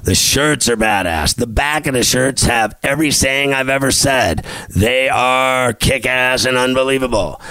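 A loud, boastful man with a smooth, clear voice runs a sports podcast monologue. He brags and threatens jokingly, recorded close and dry with no room sound. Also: medium pitch, no echo, rough recording. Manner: boastful, loud, mock-tough. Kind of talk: brash comedic monologue.

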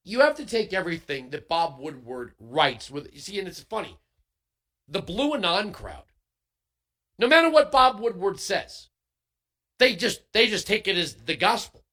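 Emphatic high-voiced radio host. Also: male voice, sing-song, normal speed, bright, forceful tone. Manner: emphatic, sarcastic, rhetorical questions. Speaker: radio talk show host. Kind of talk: political talk radio monologue.

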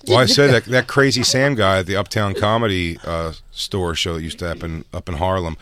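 A man's voice: low-pitched, steady tone, brisk, a bit bright, slight background noise. A man hosting a casual chat, telling profane, rambling stories and restarting his sentences. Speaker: podcast host.

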